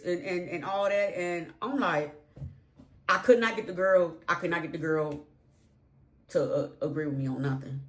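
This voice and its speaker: A woman tells a personal story in a casual storytime vlog. Her voice sits a little low. She talks emphatically and leans on repetition and slang. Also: moderate pace. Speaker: vlogger.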